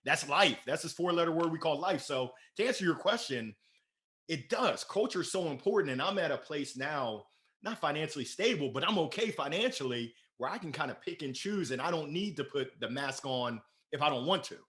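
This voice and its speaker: Energetic, playful man from Maryland. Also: fairly high pitch, brisk. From Maryland, USA. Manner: energetic, playful, animated storyteller. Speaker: podcast guest, sales director. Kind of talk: casual interview storytelling.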